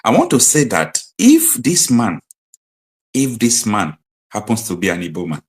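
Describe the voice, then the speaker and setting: A man's voice: on the low side, wildly swooping pitch, measured pace. A man with a Nigerian accent hosting an online political commentary show, talking emphatically and repeating his points. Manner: emphatic, repetitive, preaching tone. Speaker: host.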